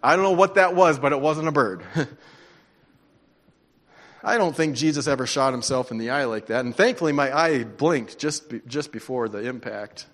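A man preaching a sermon, telling stories in an animated, conversational way. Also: mid-range voice, normal speed, pauses often. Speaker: pastor. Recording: long hall reverb.

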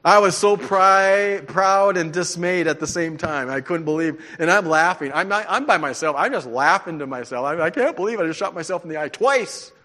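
A man preaching a sermon, telling stories in an animated, conversational way. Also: on the high side, a little fast, hardly any pauses. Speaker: pastor. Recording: long hall reverb.

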